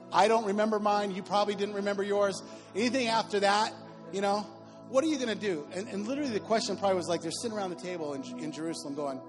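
A middle-aged male pastor preaching a sermon in an animated, conversational way with joking asides. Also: high-pitched. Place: church sanctuary. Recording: reverberant hall with faint music.

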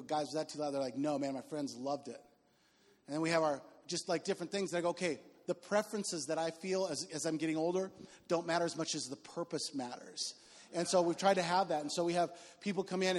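A middle-aged male pastor preaching a sermon in an animated, conversational way with joking asides. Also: on the high side. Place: church sanctuary. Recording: reverberant hall with faint music.

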